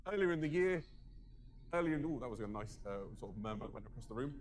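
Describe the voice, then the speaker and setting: A man's voice: mid-range voice, expressive, fast talker, a little hiss or hum. A man presenting a live product reveal, enthusiastic but hesitant and full of fillers.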